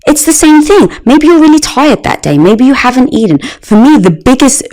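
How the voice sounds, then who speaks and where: A middle-aged woman sharing a personal story on a podcast, her pitch swinging widely as she talks. She gets animated and acts out the voices in her tale. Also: moderate pace, rough recording. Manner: animated, acts out quoted dialogue. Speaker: guest. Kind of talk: conversational storytelling.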